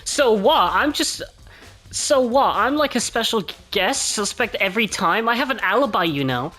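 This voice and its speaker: A woman's voice: fairly high pitch, lively intonation, moderate pace, pitched above the performer's own voice. Woman doing a manic giggling killer girl. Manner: loud, giddy, cackling. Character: manic female serial killer, giggly and wild. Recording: game music behind.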